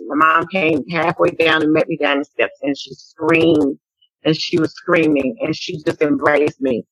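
A woman from Dallas, Texas, shares personal testimony in a podcast interview. Her voice is husky yet bright and tense, and she circles back on phrases as she goes. The sound is close and dry. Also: sits low, animated, no room sound, rough recording. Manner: earnest, halting storytelling with repeated phrases. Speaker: podcast guest, survivor advocate.

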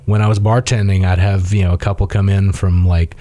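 A man's voice: sits low, little pitch movement, a little fast, mellow. A man from Mississippi chatting casually as a guest, telling rambling stories with many fillers and restarts. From Mississippi, USA. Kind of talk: casual conversation.

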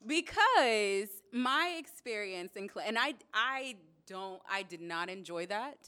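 A woman hosting a podcast, chatting casually in a lively, playful way. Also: mid-range voice, slow. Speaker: podcast host. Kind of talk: casual chat.

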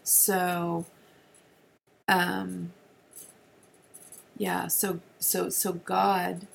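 Middle-aged woman with a fairly low voice, sharing an earnest testimony, sometimes sinking to a near-whisper. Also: level tone, drawn-out words, gravelly, slight background noise. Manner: earnest, with frequent restarts and soft dips to near-whisper. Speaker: speaker sharing a personal testimony. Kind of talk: personal testimony storytelling.

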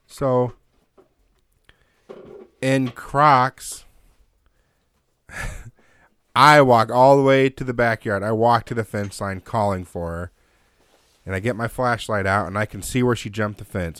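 A man telling a long story in casual chat, animated and swearing constantly. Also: on the low side, no room sound.

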